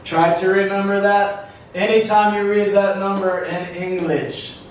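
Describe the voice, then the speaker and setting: A man teaching an English class, slowly modeling words and phrases for students to repeat. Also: sits high, flat delivery, very echoey, recorded from a distance, a little hiss or hum, rough recording. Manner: slow, deliberate, drawn-out modeling of words. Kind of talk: classroom lesson, slow repeat-after-me drills.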